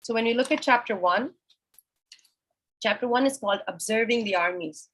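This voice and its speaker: A woman's voice: a little high, moderate pace, a little hiss or hum, low-quality recording. A woman teaching a scripture class, explaining a sacred text verse by verse and asking and answering her own questions.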